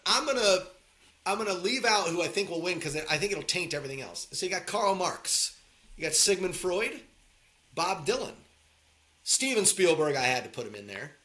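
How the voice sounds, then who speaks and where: A man co-hosting a casual podcast, bright and slightly high-pitched. His speech moves in lively pitch swings and he repeats lines for emphasis. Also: a little fast. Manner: animated, repeats himself for emphasis. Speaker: podcast co-host. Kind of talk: casual chat.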